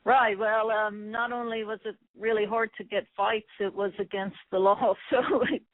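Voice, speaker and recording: A middle-aged woman with an Irish accent speaks softly and hesitantly, pausing on fillers as she answers questions. Her voice sits in an ordinary middle pitch and comes through a narrow, tinny phone line. The sound is dry, with no room around it. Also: little pitch movement, no room sound. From Ireland. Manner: soft-spoken, hesitant with many fillers. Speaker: guest, former boxer. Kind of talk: phone interview.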